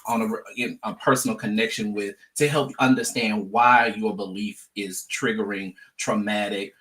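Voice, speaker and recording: A man who is a church elder, speaking as a podcast guest in a halting, searching way. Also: on the low side, fairly even intonation, a bit bright. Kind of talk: casual podcast discussion.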